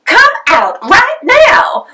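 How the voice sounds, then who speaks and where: Woman putting on a shrill, fussy house-proud mother. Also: very animated, takes it slowly, pushed and bright, exaggerated voice. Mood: shrill alarm. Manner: prim, high and shrill.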